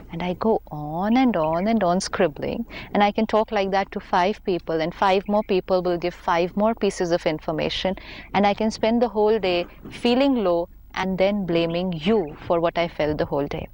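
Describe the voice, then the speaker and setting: A woman on a talk show, calmly explaining spiritual ideas with everyday examples. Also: medium pitch, normal speed, slight background noise. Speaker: spiritual teacher.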